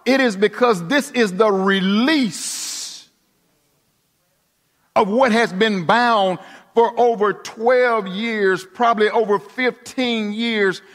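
Pastor, male, high voice, preaching with sweeping shifts from hushed to emphatic, long hall reverb. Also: takes it slowly. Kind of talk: sermon.

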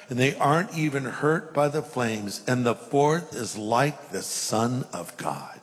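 A man's voice: medium pitch, lively intonation, takes it slowly, few pauses, breathy edge. A middle-aged male pastor preaching a sermon, reading scripture aloud and acting out the voices in it. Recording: long hall reverb.

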